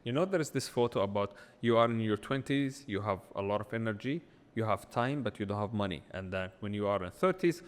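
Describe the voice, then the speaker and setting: A man trading jokes on a podcast before settling into earnest opinions. His pitch swings widely as he argues, and a long reverb tail hangs behind his voice in the room. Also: fairly quick, hardly any pauses. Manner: joking then earnest, animated opinions. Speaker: co-host. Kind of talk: casual podcast debate.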